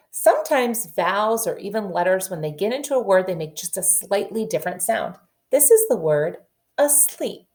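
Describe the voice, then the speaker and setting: A woman teaching a phonics lesson to children over video, sounding out letters and reading a nursery rhyme slowly and deliberately. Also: mid-range voice, big pitch swings, a little mellow. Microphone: camera facing the teacher.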